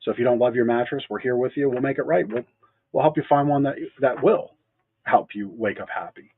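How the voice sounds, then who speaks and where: A man with a husky, slightly breathy voice talks shop in an easygoing, joking way, dropping sarcastic asides as he goes. The sound is dry and squeezed into a narrow, phone-like band. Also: medium pitch, lively intonation, a little fast, no room sound. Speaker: mattress store owner co-hosting a local show. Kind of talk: casual business chat.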